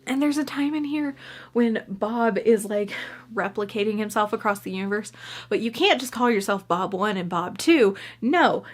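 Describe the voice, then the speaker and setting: A woman giving a casual book review full of cranky, profane rants and emphatic repetition. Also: medium pitch. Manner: gestures a lot while talking.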